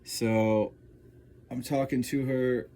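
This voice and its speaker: A man's voice: medium pitch, little pitch movement, slow, mellow, a little hiss or hum. A man telling a personal story in a loose, casual way, full of fillers and constantly checking in with the listener. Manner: rambling, filler-heavy, keeps checking in with "right?" and "you know?". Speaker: vlogger.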